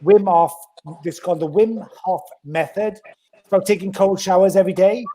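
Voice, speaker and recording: Blunt man, mellow voice. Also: sits high, normal speed, a little hiss or hum. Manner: blunt, animated, acts out quoted voices. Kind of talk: casual podcast chat.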